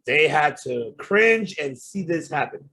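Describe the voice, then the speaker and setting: A man's voice: a little high, big pitch swings, takes it slowly, sharp tone, husky. A man hosting a podcast, ranting with heated, profane outbursts. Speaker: podcast host. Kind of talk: casual podcast rant.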